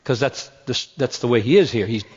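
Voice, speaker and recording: A man preaching a sermon, emphatic and deliberate, with slow dramatic pauses that build to a point. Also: medium pitch, husky. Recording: muffled, long hall reverb.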